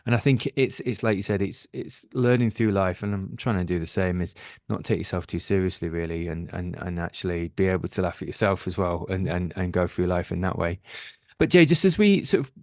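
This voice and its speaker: A man's voice: low-pitched, brisk, darkish tone, no room sound, studio quality. A man hosting a podcast interview, agreeable and stammering a little with repeated words as he frames his questions. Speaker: podcast host. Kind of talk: interview chat.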